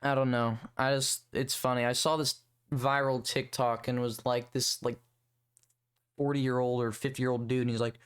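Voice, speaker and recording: A man's voice: mid-range voice, little pitch movement, normal speed, a bit bright, smooth. A young man hosting a solo podcast, rambling and swearing in a sarcastic, casual rant. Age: young adult. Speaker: podcast host.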